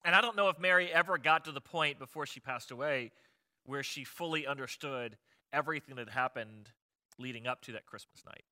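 A man's voice: medium pitch, brisk, sharp tone. A man preaching a conversational sermon as a pastor, chatty and often asking his listeners rhetorical questions.

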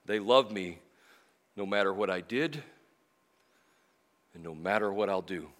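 A middle-aged man preaching a sermon in church, emotional, moving from loud emphasis to soft, slow passages. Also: low-pitched, animated. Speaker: pastor.

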